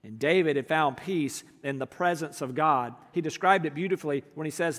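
A man preaching a sermon as pastor, earnest, moving between emphatic lines and hushed ones. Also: a little high, moderate pace, hardly any pauses, big-room sound.

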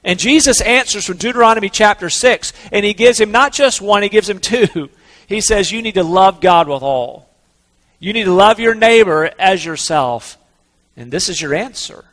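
A man preaching a sermon in an earnest, conversational way, slowing down to stress key words. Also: high voice, animated, fairly bright tone, big-room sound. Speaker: pastor.

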